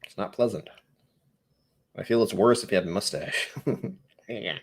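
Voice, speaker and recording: A man's voice: fairly low pitch, unhurried, slightly rough. A man with a New England accent hosting a whiskey live stream, chatting, easily distracted and joking at his own expense. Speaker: whiskey channel host.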